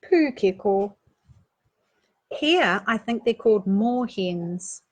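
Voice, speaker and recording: A woman with a New Zealand accent reading a children's picture book aloud, gently asking young listeners questions as she goes. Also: mid-range voice, expressive, slow pace. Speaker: storytime reader.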